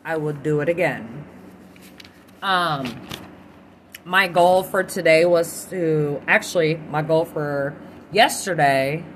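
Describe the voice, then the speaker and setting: Woman, young adult, lower pitch, casual solo podcast chat, candid, cursing. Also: a little hiss or hum. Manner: candid, chatty, swears freely. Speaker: podcast host.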